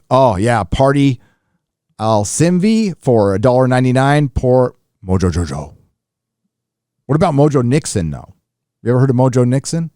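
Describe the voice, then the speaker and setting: A man hosts a live stream and reads out viewer messages in a casual, rambling way. He swears freely and trails off into fillers and restarts. His voice sits at a middle pitch and the sound is dry, with no room echo. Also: darkish tone. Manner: loose and profane, with many fillers and restarts.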